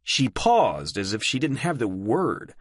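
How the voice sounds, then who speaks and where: A man narrating an audiobook in a measured storytelling manner. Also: mid-range voice, huge pitch swings, breathy edge, dry recording, studio quality. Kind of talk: scripted narration.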